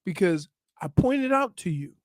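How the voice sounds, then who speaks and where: Animated, lively-voiced radio co-host man. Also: high voice, a little slow, dry recording, studio quality. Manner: animated storyteller, interrupts often. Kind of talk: casual studio banter.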